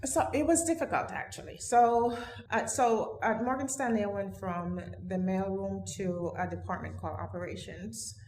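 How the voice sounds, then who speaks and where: A woman's voice: mid-range voice, normal speed, darkish tone, a little hiss or hum. A middle-aged woman, a podcast guest, telling her personal career story in an earnest, reflective way. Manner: earnest, reflective, many restarts. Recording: roomy echo.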